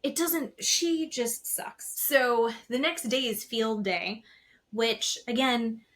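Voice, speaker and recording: A woman co-hosting a podcast, recapping reality TV in casual chat, animated, acting out quotes and swearing freely. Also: on the high side, takes it slowly. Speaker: podcast co-host.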